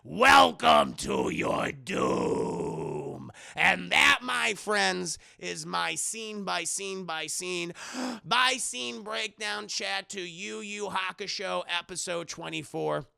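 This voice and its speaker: A young man streaming, recapping an episode in a profane, animated way that repeats itself. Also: high voice, takes it slowly, creaky, hardly any pauses, clear, resonant tone, dry recording.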